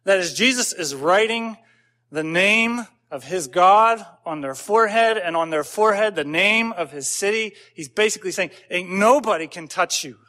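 A man's voice: high-pitched, lively intonation, moderate pace, bright, forceful tone. A man pastor giving a conversational sermon, telling stories with casual asides and building to emphatic points.

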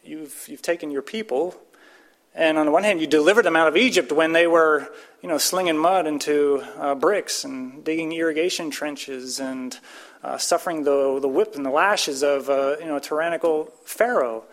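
A man's voice: moderate pace, a bit bright. A man giving a conversational Bible teaching, speaking casually with frequent restarts and pushing up his voice for emphasis. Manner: casual, restarts and fillers, rises in pitch and volume for emphasis.

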